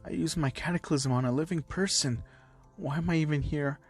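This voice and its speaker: A man's voice: a little high, husky, soft background music, voice pushed up. Izuku, a tearful teen boy, read by a man. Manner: shaky, halting, near tears. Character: troubled teen boy hero student, tearful.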